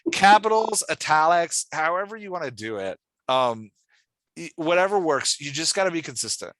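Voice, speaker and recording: A man's voice: on the high side, sing-song, normal speed, a bit bright, no room sound. Encouraging man, casual writing coach. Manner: loose and encouraging, full of "like" fillers. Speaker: podcast host and writing coach. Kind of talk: casual feedback chat.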